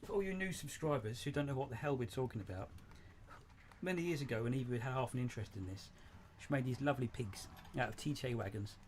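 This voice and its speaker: Guy hosting a live stream, excitable and jokey, faint noise behind. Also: medium pitch, fast talker. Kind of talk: casual live-stream chat. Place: indoors at a model railway layout.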